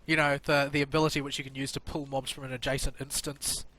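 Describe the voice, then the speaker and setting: A man's voice: mid-range voice, level tone, fast talker, sharp tone. A man in a casual gaming voice chat, grumbling with dry sarcasm into a headset mic. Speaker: gamer on voice chat.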